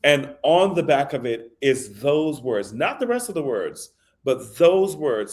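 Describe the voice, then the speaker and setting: A man, a songwriter, telling a story in an interview with animated delivery. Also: medium pitch, normal speed. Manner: animated, recites lyrics softly. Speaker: songwriter guest.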